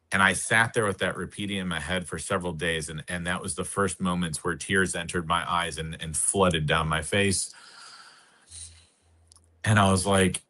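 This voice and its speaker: Low-voiced guy, bright forceful tone, slow earnest storytelling with long pauses. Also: steady tone. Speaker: podcast guest. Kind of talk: personal storytelling.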